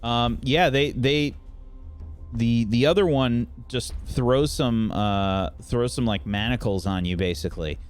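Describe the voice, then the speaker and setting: A man serving as game master for a tabletop role-playing game narrates loosely, using plenty of fillers. His medium-pitched voice is clean and measured, with faint music in the background.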